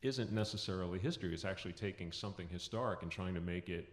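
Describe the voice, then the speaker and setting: A man's voice: sits low, fast. A man interviewing a guest onstage, asking long, thoughtful, winding questions. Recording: echoey room.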